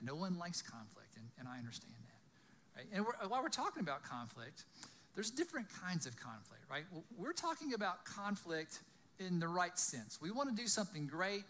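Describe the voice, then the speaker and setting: A man's voice: on the high side, sharp tone, a little hiss or hum. A man preaching a sermon, retelling a scripture story and acting out its voices, often asking "right?". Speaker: pastor.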